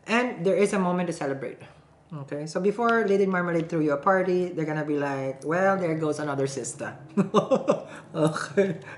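A woman with a low voice gives a casual tarot reading, chatty and quick to laugh, stopping often to ask "okay?". The recording is roomy with echo, and there is a faint hum of noise behind her. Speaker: tarot reader.

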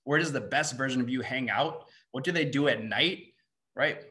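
With a pushed, bright voice of medium pitch, a young man coaches students on mindset in a motivational seminar. He shoots out quick rhetorical questions and frequently closes with "right?".

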